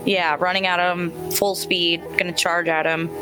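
A woman's voice: lowish voice, little pitch movement, normal speed. A woman playing a tabletop role-playing game, brash and profane, swearing freely as she describes her character's actions. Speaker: player. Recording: music playing behind.

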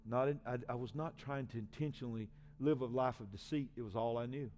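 A man in his forties, a pastor, giving an emotional personal testimony in a sermon, swinging from hushed to loud. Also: mid-range voice, brisk. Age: 40s.

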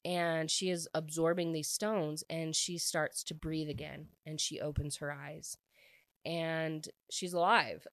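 A woman's voice: low-pitched, level tone, slow, a bit bright, no echo. A woman casually recapping a book plot, rambling with lots of filler words. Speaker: book reviewer.

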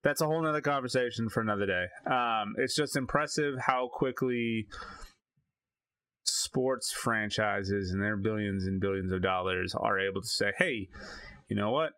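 A man from Maine co-hosting a podcast, talking in an opinionated, animated way with many restarts. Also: fairly low pitch, normal speed, no echo. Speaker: podcast co-host. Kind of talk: casual chat.

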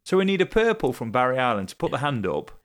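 A man's voice: medium pitch, very animated, quick pace. A man co-hosting a podcast in casual chat, playful and eager to plan ideas. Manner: playful, enthusiastic planner. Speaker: podcast co-host.

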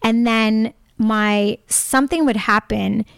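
Chatty, quick-talking woman guest. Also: on the high side, gravelly, clean tone, no room sound, studio quality. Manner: talkative, animated storyteller; quick bursts with laughs. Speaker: podcast guest. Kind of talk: casual interview chat.

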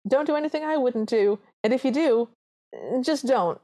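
A woman's voice: high-pitched, moderate pace, warm tone, voice pushed up. A woman voicing a breezy female fairy godmother with an airy, teasing sendoff. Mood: playful.

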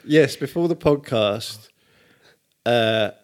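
A man's voice: mid-range voice, animated, takes it slowly. A man who is a guest comedian, telling self-mocking stories in a casual podcast chat. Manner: storytelling, jokey, self-mocking.

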